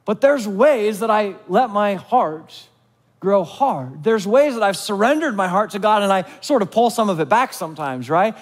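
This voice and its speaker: A man's voice: sits high, lively intonation, normal speed, big-room sound. A male pastor preaching a conversational sermon, asking his listeners questions and acting out what they might say. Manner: conversational, asks the audience questions; acts out quoted voices of listeners. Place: church.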